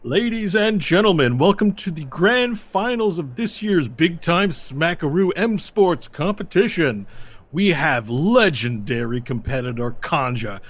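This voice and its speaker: A man's voice: a little high, pitched above the performer's own voice. A man voicing a showy male tournament announcer who hypes the crowd. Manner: showy, drawn-out.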